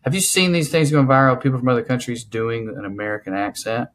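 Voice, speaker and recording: A man's voice: mid-range voice, steady tone, quick pace, fairly bright tone. A man hosting a podcast, explaining things in a rambling way full of "like". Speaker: podcast host. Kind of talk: casual podcast chat.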